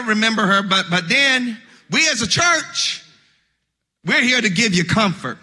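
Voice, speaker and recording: A high, piercingly bright male pastor preaches a funeral sermon in a church sanctuary. His rhythmic delivery swells into shouted, half-sung cadences, and he repeats words as he starts his phrases. His voice rings with long hall reverb. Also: lively intonation, unhurried.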